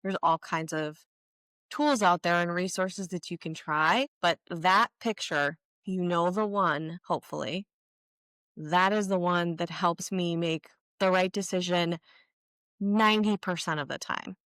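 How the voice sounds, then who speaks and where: A woman in her forties talks through her makeup routine in a candid, chatty way, with plenty of self-deprecating asides. Her voice sits low for a woman. The sound is dry and close, with no room around it. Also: measured pace, fairly bright tone, smooth, no room sound. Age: 40s. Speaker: beauty vlogger. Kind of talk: casual get-ready-with-me chat.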